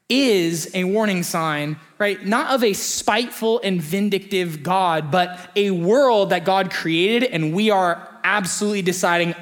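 A preacher giving a sermon, conversational and story-driven, often acting out short quotes. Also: mid-range voice.

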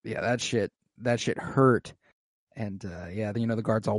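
A man's voice: on the low side, unhurried, no echo, studio quality. A man recapping a show in casual chat, rambling with many fillers.

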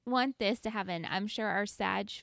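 A woman's voice: mid-range voice, moderate pace, vocal fry, a bit bright, no echo, studio quality. A woman podcast co-host chatting about a TV episode, reacting emphatically with strong opinions. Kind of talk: casual TV episode recap.

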